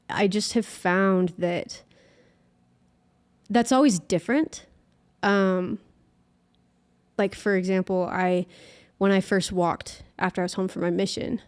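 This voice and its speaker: A young adult woman, a guest musician, telling a personal faith story in an interview, earnest and emotional, halting with many fillers. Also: lowish voice, a little mellow.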